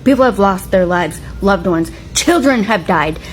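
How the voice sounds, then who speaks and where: A woman's voice: medium pitch, lively intonation, a little slow, soft background music. A woman furiously swearing and ranting in a reaction video. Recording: noisy background.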